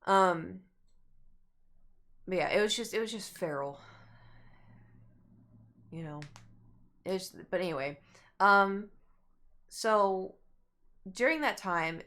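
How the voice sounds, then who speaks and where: A young adult woman streamer casually telling a long story to her chat, rambling and acting out what people said. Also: fairly low pitch. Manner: rambling, animated, acts out quotes.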